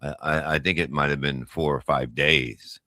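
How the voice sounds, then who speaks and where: A man's voice: rumbling low, fairly even intonation, moderate pace, bright, forceful tone, no echo. A man chatting casually on a show, rambling and teasing. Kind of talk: casual chat.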